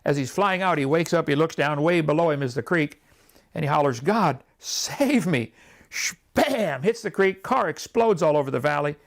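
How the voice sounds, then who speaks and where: A man preaching a sermon, telling stories and acting out prayers in an animated way. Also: on the high side, fairly quick, creaky. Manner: animated storytelling, acts out prayers and quotes.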